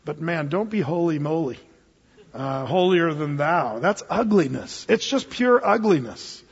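A man's voice: fairly high pitch, expressive, a little slow, husky. A male pastor preaching a casual, joking sermon in a church, with sudden emphatic bursts. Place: church sanctuary. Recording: muffled, long reverb in a hall.

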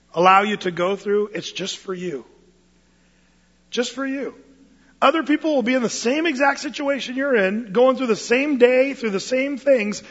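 A man preaching a sermon as pastor, animated, acting out Bible quotes in playful voices. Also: high voice. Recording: muffled sound with long hall reverb.

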